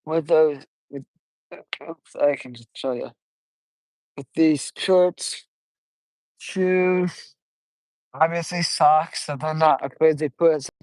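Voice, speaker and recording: An eighteen-year-old man chats through a casual walking vlog in a quiet, soft-spoken way, drifting between thoughts and restarting his sentences. He takes his time, with an unhurried, drawn-out delivery. The sound is dry and close, caught on wireless earbuds. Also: a little high, no room sound, low-quality recording. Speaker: vlogger. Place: outdoors on a suburban walk.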